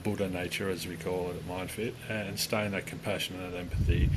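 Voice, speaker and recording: A man co-hosting a podcast in casual chat, animated and swearing, acting out the voices he quotes. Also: low voice, fairly quick, hardly any pauses, very noisy. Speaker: podcast co-host.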